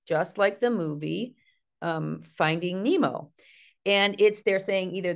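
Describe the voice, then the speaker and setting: Middle-aged ohio lady teaching about birds on a zoom call, gravelly, chatty and playful. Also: medium pitch, animated, a little slow. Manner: chatty, playful, mimics bird calls in sing-song. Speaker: naturalist and art instructor. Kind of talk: online nature workshop talk. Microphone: video call.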